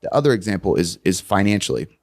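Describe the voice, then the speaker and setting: Male coach, deep, casual and blunt podcast guest. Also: sing-song, fast, a little mellow. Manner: blunt, profane storytelling.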